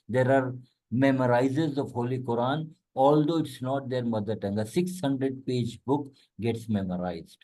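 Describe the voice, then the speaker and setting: A man giving a conversational religious lecture, explaining Arabic words and quickly reciting verses between plain explanations. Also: mid-range voice, mellow, rough recording. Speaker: Islamic lecturer.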